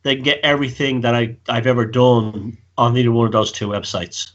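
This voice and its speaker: A man's voice: medium pitch, steady tone, a little fast, fairly bright tone, dull audio. A man from Ireland, a guest author, who gives brief, dry replies in an interview. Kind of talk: interview answers.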